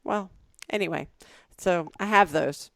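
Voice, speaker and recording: A woman's voice: on the low side, measured pace, vocal fry, a bit bright, dry recording, studio quality. A woman in her forties co-hosting a podcast, telling rambling stories in casual chat with lots of restarts. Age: 40s. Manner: chatty storyteller with many restarts. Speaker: podcast co-host.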